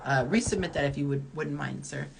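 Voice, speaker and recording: Forties woman coaching on dating, chatty and blunt, kinda low voice, faint hiss behind. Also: a little fast, gravelly. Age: early 40s. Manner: candid, chatty, reading viewer comments aloud. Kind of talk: live-stream Q&A, candid advice.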